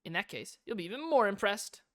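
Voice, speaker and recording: A man's voice: high voice, sing-song, a little fast, a bit bright, no room sound, studio quality. A man playing shy bookish girl Yuri. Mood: polite.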